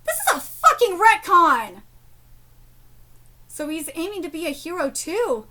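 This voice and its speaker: Woman in her thirties, very high voice, bright and sharp, profane live-stream rant, angry. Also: big pitch swings, measured pace. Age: 30s. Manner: ranting, profane and exasperated; rambling with many fillers and restarts. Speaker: streamer reacting to a manga chapter. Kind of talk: live reaction commentary.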